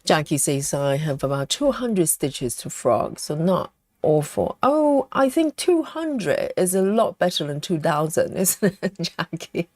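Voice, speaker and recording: A woman's voice: lowish voice, sing-song, a little slow, darkish tone, no echo. Chatty woman reading comments on a live stream. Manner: chatty, reads comments aloud and answers them.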